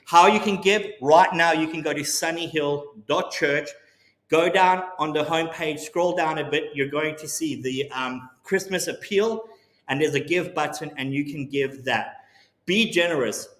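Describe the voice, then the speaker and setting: A man's voice: on the high side, normal speed, fairly bright tone, echoey room. Upbeat man hosting a quiz. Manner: upbeat, encouraging, preacherly. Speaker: church quiz host. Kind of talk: live-streamed quiz and appeal.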